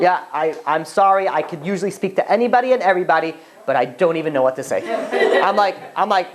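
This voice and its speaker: A man's voice: high-pitched, quick pace, hardly any pauses, a crowd in the background. A man teaches a casual Torah class as a rabbi. His delivery rambles through asides and "you know"s. He acts out little exchanges as he goes. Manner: rambling and animated, full of asides and acted-out dialogue. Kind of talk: informal Torah class lecture.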